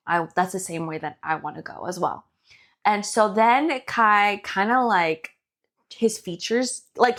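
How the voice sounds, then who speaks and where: A woman co-hosting a podcast, casually recapping a book in animated detail, acting out the characters' lines and laughing often. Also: mid-range voice. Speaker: podcast co-host.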